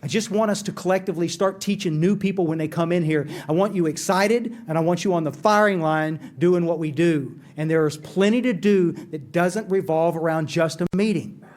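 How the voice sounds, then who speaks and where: A man telling his recovery story to a meeting, earnest and animated, often repeating words as he goes. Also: on the high side, normal speed, few pauses.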